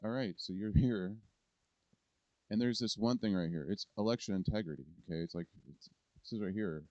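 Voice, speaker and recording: Low-voiced indignant man ranting. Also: a little fast, a little mellow, dry recording, dull audio. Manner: rambling, indignant, swears. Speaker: political commentary host. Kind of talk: casual ranting commentary.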